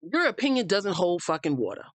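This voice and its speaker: A woman's voice: lowish voice, big pitch swings, a little fast, dry recording. A woman from the United States hosting a reality TV recap, talking bluntly and heatedly, swearing freely and addressing the cast members directly. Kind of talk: opinionated casual recap.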